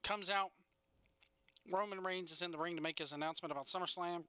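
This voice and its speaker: A man's voice: high-pitched, fairly even intonation, fast talker, bright, forceful tone, dry recording. A young man hosting a casual wrestling podcast, rambling through a recap with sarcastic asides and frequent laughs.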